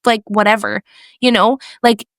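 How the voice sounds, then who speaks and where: A woman's voice: medium pitch, measured pace, no echo. A young woman co-hosting a casual faith podcast, telling a story with lots of "like" and acting out the voices of the people in it. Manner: animated storyteller, acts out quoted voices, lots of "like". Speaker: podcast co-host.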